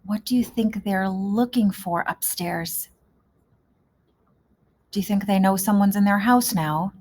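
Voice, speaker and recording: A woman teacher leading a reading lesson, gently asking young readers questions about a story. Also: medium pitch, measured pace, slight background noise.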